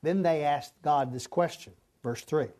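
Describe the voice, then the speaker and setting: A man's voice: a little high, unhurried, warm tone. A man teaching a Bible study class in a conversational, informal way, often restarting his sentences and using fillers.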